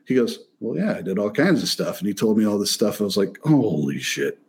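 A man from Michigan telling a story in a casual chat, animated and profane, acting out the people he quotes. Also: on the low side, fast talker. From Michigan, near Detroit.

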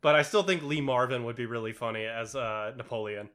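A man's voice: medium pitch, fairly quick, fairly bright tone. A young man chatting casually about a movie, rambling with lots of fillers and swearing. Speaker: podcast co-host.

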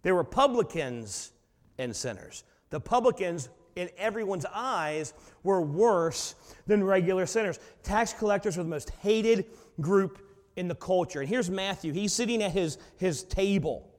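High-voiced preacher in a reverberant hall. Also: male voice, animated, unhurried. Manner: dramatic storytelling, swinging between soft and loud. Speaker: pastor. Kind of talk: sermon. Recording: long reverb of a large hall.

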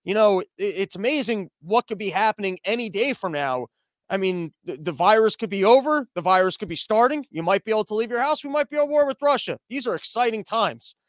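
A man's voice: sits high, animated, brisk, no room sound, studio quality. A man hosting a comedy show, delivering a sarcastic, ranting political monologue.

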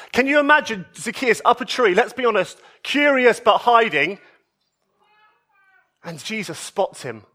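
A male preacher with a high, bright voice delivers a sermon. He swings between emphatic raised lines and hushed, soft passages. His tone is lively and pointed throughout. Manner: expressive, shifts between emphatic highs and soft low passages.

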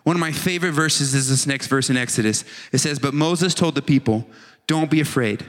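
A man preaching a casual, animated sermon, acting out short voiced asides as he tells the story. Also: mid-range voice, fairly quick, long reverb tail.

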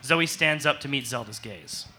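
A man narrating an improvised comedy in a deadpan style with goofy sound effects. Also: mid-range voice, normal speed, slight background noise.

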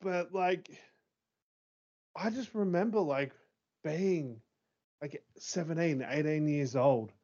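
A man in his thirties co-hosting a casual chat. He talks excitably, swears freely and laughs often. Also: a little high, slow, pauses often. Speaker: podcast co-host. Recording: dull lo-fi sound.

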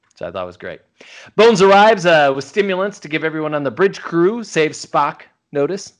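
A man's voice: on the high side, normal speed. A man co-hosting a casual podcast, recapping a TV episode and acting out bits of the dialogue as he goes. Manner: animated storytelling, acts out quoted lines.

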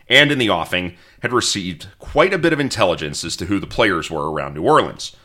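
A man's voice: lowish voice, sharp tone. A man hosting a podcast, narrating history in a storytelling way, reading out quotes and adding wry asides. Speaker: podcast host.

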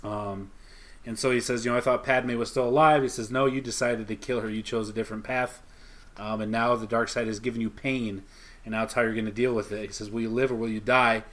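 Speaking a little fast in a flat, fairly bright, medium-pitched voice, this man co-hosts a podcast. He chats casually through a comic, going scene by scene and reading out what the characters say.

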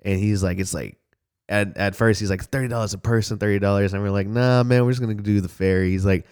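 A man's voice: lowish voice, fairly even intonation, fast, clear, resonant tone. A young man from Houston chatting casually on a podcast, telling a story in a laid-back way with a lot of swearing. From Houston, Texas. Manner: laid-back, swears a lot, acts out voices loudly when telling stories.

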